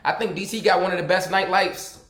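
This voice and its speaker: A man's voice: high voice, fairly even intonation, a little fast, fairly bright tone. A man with a Baltimore accent giving laid-back, matter-of-fact advice in casual chat. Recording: echoey room sound.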